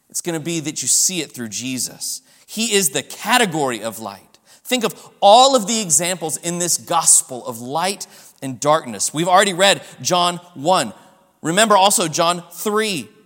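A man's voice: sits high, a bit bright, big-room sound. A man preaching a sermon, emphatic, pressing his points with rising stresses. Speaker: pastor.

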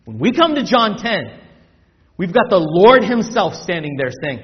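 High-voiced preacher man in a reverberant hall. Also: very animated, muffled recording. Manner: dramatic scripture reading, shifting from loud slow proclamation to soft asides; conversational teaching with repetitions and restarts. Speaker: pastor. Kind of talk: sermon.

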